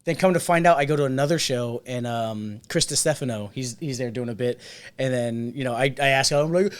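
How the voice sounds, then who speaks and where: A man's voice: medium pitch, moderate pace. A man co-hosting a podcast, telling a story in casual chat and acting out the people he quotes. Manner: animated, acts out quotes in other voices. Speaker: podcast co-host.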